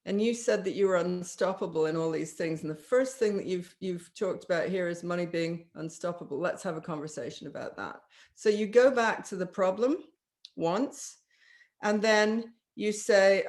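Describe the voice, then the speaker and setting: A woman's voice: fairly low pitch, moderate pace. A woman business coach talking casually, acting out sales dialogue as she explains her method. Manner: acts out sales dialogue in quoted voices. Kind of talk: casual teaching talk.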